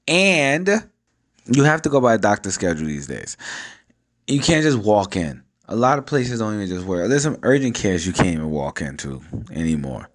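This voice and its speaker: A man talking at home, telling a long story in a casual, slangy, profane way and acting out each person's lines. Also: lowish voice. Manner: animated, profane, slangy, acts out the dialogue.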